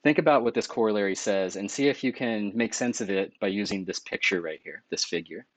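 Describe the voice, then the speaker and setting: A man with a low voice walks through a math lecture in an easygoing, conversational way, sometimes stopping to correct himself. The sound is dry and close, with no room echo. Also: brisk. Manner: relaxed and conversational, with small self-corrections.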